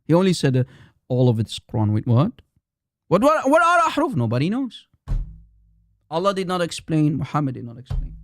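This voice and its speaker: A man's voice: on the high side, huge pitch swings, moderate pace, long pauses, no room sound, clean studio sound. A man hosting a live stream, arguing in a combative, repetitive way and firing challenges at his audience. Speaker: livestream host. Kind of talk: heated live-stream polemic.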